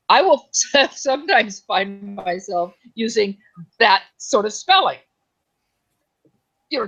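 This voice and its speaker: A woman's voice: medium pitch, a bit bright, dull audio. A woman co-hosting a casual online group chat, chatty and rambling. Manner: chatty, rambling, quick to laugh.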